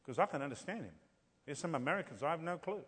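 African-accented male preacher, fairly high voice, fervent storyteller, long hall reverb. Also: expressive, quick pace, fairly bright tone, a little hiss or hum. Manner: storytelling, rising to fervent emphasis. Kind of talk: sermon.

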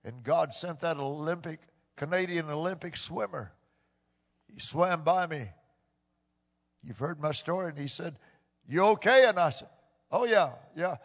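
A man preaching a sermon as a pastor, building from slow, quiet stretches to loud, shouted peaks. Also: a little high. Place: church sanctuary. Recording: long reverb of a large hall.

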